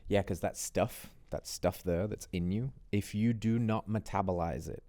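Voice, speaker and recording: A man's voice: lowish voice, moderate pace, mellow. A man hosting a podcast, replying to his guest in an earnest, emphatic way. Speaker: podcast host. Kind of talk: casual podcast conversation.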